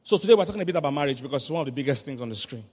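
A man preaching a sermon as pastor, telling animated stories with laughter and sudden shouts. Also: a little high, racing, slightly rough. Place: church hall. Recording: long hall reverb.

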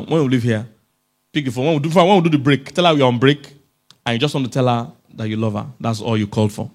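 A man's voice: mid-range voice, fast talker, a little mellow. A man from Africa, a relationship expert giving a humorous motivational talk at a conference, coaxing his audience and chuckling often.

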